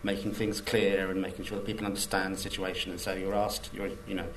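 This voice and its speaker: Wry writer, low and distant. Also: male voice, little pitch movement, quick pace, background noise. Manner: rambling, hesitant, wry. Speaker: screenwriter. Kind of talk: interview.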